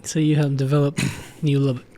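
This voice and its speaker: A man's voice: on the high side, level tone, a little fast, warm tone, a little hiss or hum. A man hosting a podcast, laid-back, reacting briefly and rambling in his asides. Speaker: podcast host. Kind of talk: casual chat. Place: podcast studio.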